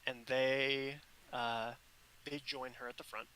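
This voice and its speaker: A man runs a tabletop game, telling the scene slowly and stopping often for fillers. His voice is bright and forceful. A faint hiss sits under the recording. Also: mid-range voice, little pitch movement, poor audio. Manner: unhurried, halting narration with many fillers. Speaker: dungeon master.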